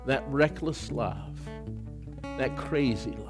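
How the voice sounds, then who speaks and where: Impassioned slow-talking preacher man. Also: medium pitch, soft background music. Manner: impassioned preaching, swinging from hushed to loud. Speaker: pastor. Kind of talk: sermon.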